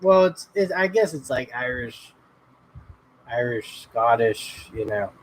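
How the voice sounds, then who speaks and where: A man's voice: mid-range voice, animated, slow, slight background noise, low-quality recording. A man hosting a casual livestream, chatting in a laid-back, rambling way and greeting viewers by name. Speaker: livestream host. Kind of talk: casual livestream chat reading comments.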